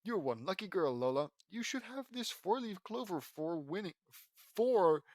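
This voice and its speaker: A man reading the lines of a kind girl in a friendly, halting way, close to his own voice. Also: high voice, very animated, no room sound, pitched above the performer's own voice.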